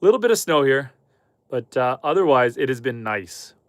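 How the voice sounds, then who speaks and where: A man from Canada hosting a homesteading livestream with a head cold, his voice stuffy and slightly hoarse, chatting upbeat with viewers and his animals. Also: mid-range voice, very animated, moderate pace, dry recording. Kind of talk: casual livestream chat reading viewer comments. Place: chicken coop on a homestead.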